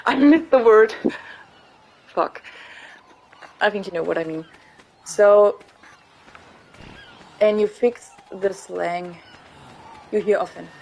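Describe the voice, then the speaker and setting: A woman's voice: medium pitch, takes it slowly, creaky, long pauses, a little mellow, poor audio. A woman with a German accent chatting casually while streaming a game, rambling and laughing often. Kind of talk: casual chat while gaming.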